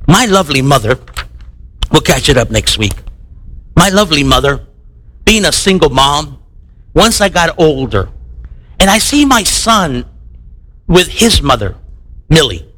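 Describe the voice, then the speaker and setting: Middle-aged male pastor, high lively voice, preaching and playing out his stories. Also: a little slow, pauses often. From United States. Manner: animated, acts out voices of people in his stories. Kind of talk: sermon.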